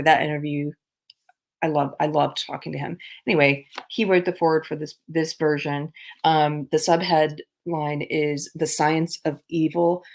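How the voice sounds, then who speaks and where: Woman livestream host, low voice, easygoing, reads out viewer comments. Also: vocal fry. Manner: chatty, reads viewer comments aloud, laughs often. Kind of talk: casual livestream chat. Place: abroad on a trip.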